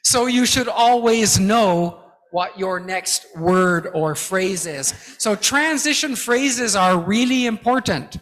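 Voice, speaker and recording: A man giving a guest lecture to academics, teaching slowly and emphatically and often checking in with "okay?". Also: sits high, lively intonation, a bit bright. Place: large lecture hall. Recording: long hall reverb.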